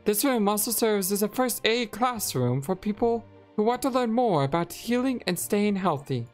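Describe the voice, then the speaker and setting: A woman voicing a kind female healer and paladin teacher, reading game dialogue in a gentle, formal, old-fashioned way. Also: medium pitch, sing-song, measured pace, soft background music, pitched above the performer's own voice. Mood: kindly.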